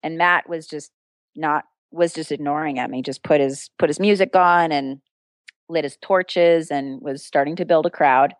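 Woman, lowish voice, dry close sound, animated anecdote, laughs a lot. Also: moderate pace, no echo. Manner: animated, acts out quoted voices with a jump in pitch; laughs often while telling. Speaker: guest, street performer and entertainer. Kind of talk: storytelling anecdote in conversation.

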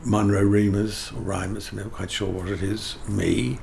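A man's voice: on the low side, little pitch movement, normal speed, vocal fry, darkish tone, slight background noise. An older man, a theatre director telling emphatic anecdotes in an interview, often restarting his sentences. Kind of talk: interview conversation.

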